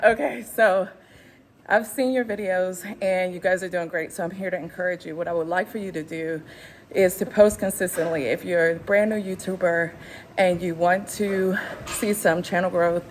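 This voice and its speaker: A woman's voice: on the low side, fairly even intonation, moderate pace, background noise. Winded encouraging woman in her fifties. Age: 50s. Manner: encouraging, preachy, emphatic. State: slightly out of breath. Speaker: YouTube channel host. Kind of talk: unscripted motivational vlog. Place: gym, walking on a treadmill incline.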